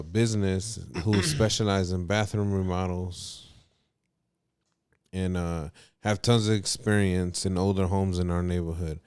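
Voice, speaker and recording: A man co-hosting a podcast, chatting casually in a relaxed way with hesitant fillers. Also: low-pitched, clean tone, dry recording. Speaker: podcast co-host.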